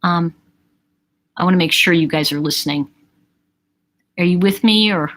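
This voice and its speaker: A woman's voice: fairly low pitch, moderate pace, fairly bright tone. A middle-aged woman hosting a livestream, telling a long personal story in a chatty, rambling way with asides to her viewers. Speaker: livestream host.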